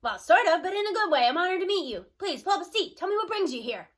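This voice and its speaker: A friendly female skunk from a storybook, squeaky and eager to please, as a woman puts her on. She talks fast with excitement and warm hospitality, in a high voice.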